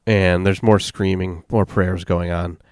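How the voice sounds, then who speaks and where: Deep, flat-voiced man retelling a story. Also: unhurried, gravelly, dry recording, studio quality. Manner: retells events flatly, reading quotes aloud. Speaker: podcast host. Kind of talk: storytelling podcast chat.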